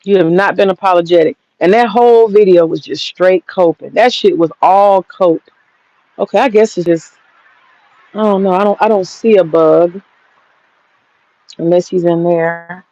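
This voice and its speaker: A woman's voice: fairly low pitch, moderate pace, dark tone, dry recording. A blunt, foul-mouthed woman rambles through a casual rant in her garden and talks straight to her viewers. Her voice sounds dry and close, with no room around it. The recording is dull and lo-fi. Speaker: vlogger giving commentary. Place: outdoor garden.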